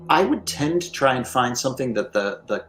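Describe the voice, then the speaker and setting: A man talking through game design ideas on a live stream, measured and leaning on "you know" fillers. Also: mid-range voice, very animated, fairly bright tone, echoey room, faint music behind, poor audio. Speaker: line developer and game designer.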